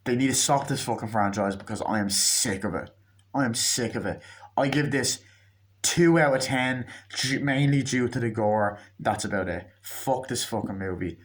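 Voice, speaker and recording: A man's voice: mid-range voice, normal speed. A man giving a casual spoken movie review, ranting bluntly with lots of swearing and restarts.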